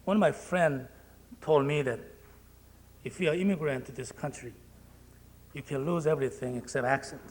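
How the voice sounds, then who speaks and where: A man with a Korean accent, a congressman giving a public speech in a plainspoken, joking way with halting phrasing. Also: medium pitch.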